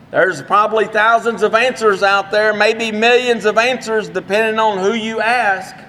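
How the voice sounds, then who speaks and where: A man's voice: sits high, fairly bright tone. A middle-aged man preaching a sermon in an earnest, conversational way with folksy asides. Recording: long hall reverb.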